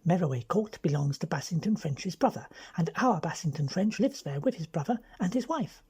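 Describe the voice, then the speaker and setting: A woman doing a brisk, bossy young lady. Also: fairly low pitch, lively intonation, warm tone, husky, heavily acted. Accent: English. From London. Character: bold young aristocratic woman schemer.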